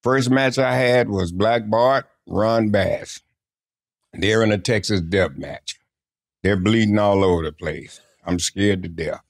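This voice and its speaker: An older man, an interview guest, telling lively stories from his career in a casual chat and acting out the quotes. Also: fairly low pitch, slow pace. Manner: lively anecdotal storyteller who acts out quotes.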